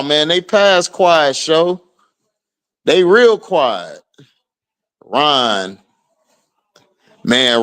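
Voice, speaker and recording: A man's voice: fairly high pitch, a bit bright, clear, resonant tone. A man giving casual, slangy live commentary on a game while greeting viewers, often laughing as he trash-talks the players.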